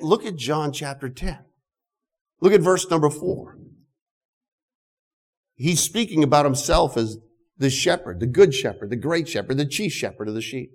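An older man preaching an earnest sermon, often repeating words and reading scripture slowly. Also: mid-range voice. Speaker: pastor.

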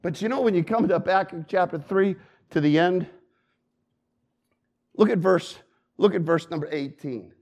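Guy preaching a sermon, high voice, goes loud then quiet, repeats himself for emphasis. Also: normal speed, long pauses, dull audio. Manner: animated, swings between loud and hushed, repeats phrases for emphasis.

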